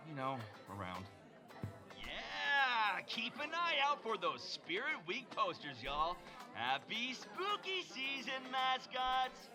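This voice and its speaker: A drawling school announcer. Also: male voice, extremely high pitch, full character voice. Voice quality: drawling, playful over-the-top delivery. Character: laid-back male school announcer. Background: game music.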